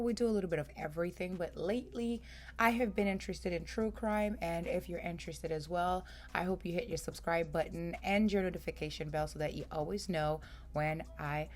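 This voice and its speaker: A woman with a fairly low voice talks casually to camera, chatty and warm in delivery, throwing in "y'all". Her voice is strained and roughened, and she can't reach her higher notes. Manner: chatty, uses "y'all", laughs at her own stories. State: strained voice, upper register gone. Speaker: true crime channel host. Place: home room, lawn mowing heard outside.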